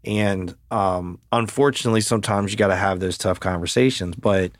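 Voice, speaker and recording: A male podcast host with a lowish voice talks in a blunt, emphatic way, swearing freely as he tells stories about leading people. The sound is close and dry, with no room around it. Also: normal speed, dry recording. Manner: blunt and profane, emphatic storytelling. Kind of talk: casual chat.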